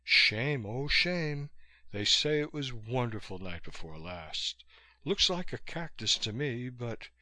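A man's voice: medium pitch, animated, slow pace, pushed and bright, no room sound, full character voice. A man voicing a chatty, gushing former musical-comedy actress who calls everyone dear.

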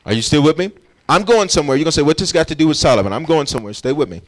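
A man's voice: fairly high pitch, lively intonation, very fast. A man preaching a sermon as pastor, emphatic and urging his congregation along as he explains scripture. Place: church.

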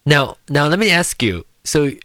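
Man, from Malaysia, podcast host, casual chat, teasing, bright voice, dry close mic. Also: fairly high pitch, sing-song, a little slow, no room sound. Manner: playful, teasing, bursts of laughter.

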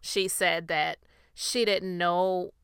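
Woman commentary host, crisp voice, opinionated, dry studio sound. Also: lowish voice, steady tone, takes it slowly, a bit bright, no room sound. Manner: chatty, opinionated, emphatic. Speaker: podcast host. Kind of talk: casual commentary.

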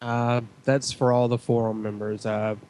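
A man co-hosting a casual podcast chat, talking in a jokey, relaxed way. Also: mid-range voice, a little slow, a little hiss or hum. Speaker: podcast co-host.

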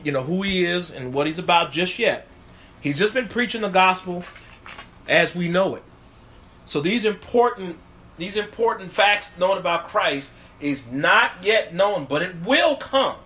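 A man's voice: fairly high pitch, a bit bright, slight background noise. A man, a pastor, teaching a Bible passage in a video sermon, earnest and emphatic, often repeating his key phrases.

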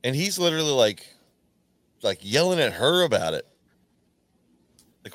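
A man hosting a podcast, telling a rambling, profane story in casual chat, often restarting his sentences and acting out quoted lines in a louder, higher voice. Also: expressive, moderate pace, pauses often, no room sound. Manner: acts out quoted lines with sudden jumps in pitch. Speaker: podcast host.

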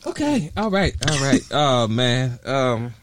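Animated laughing male storyteller. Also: medium pitch, slow pace, a little hiss or hum. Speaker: podcast co-host. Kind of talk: casual storytelling chat.

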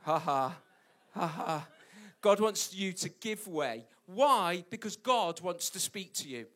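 A man's voice: sits high, animated, slow, a bit bright. A British man preaching a sermon, emphatic and repeating his key points, with jokey asides. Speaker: pastor.

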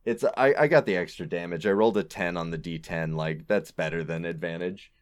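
A man's voice: sits low, brisk, clean tone. A man playing a tabletop game, laughing at himself and swearing freely as he calls his rolls. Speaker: player. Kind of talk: casual tabletop game play.

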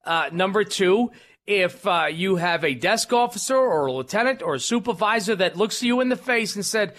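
Bright, high-voiced talk radio host. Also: male voice, expressive, moderate pace. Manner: rambling, self-deprecating, many fillers and restarts. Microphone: studio microphone.

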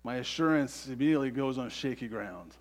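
A man's voice: medium pitch, animated, a little fast. A man preaching a sermon earnestly, often checking in with the congregation by asking "right?". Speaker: pastor.

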